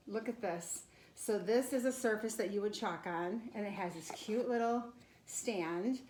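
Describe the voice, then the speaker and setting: A woman casually unboxing a craft kit for her channel, bubbly and excited as she shows each piece. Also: fairly high pitch, unhurried. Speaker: craft vlogger. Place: home craft studio. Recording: echoey room, faint noise.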